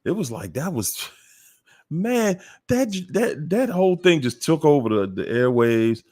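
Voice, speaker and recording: Hosting a relaxed call-in livestream, this man speaks in a fairly high, sing-song, slightly mellow voice. He takes his time, chatting, exclaiming and laughing a lot as he sets up clips.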